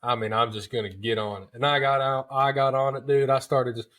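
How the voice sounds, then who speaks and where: A man's voice: mid-range voice, steady tone, fairly quick, a bit bright. Folksy man telling a story. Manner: chatty, folksy, repeats words and calls listeners dude. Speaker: podcast host. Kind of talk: casual storytelling.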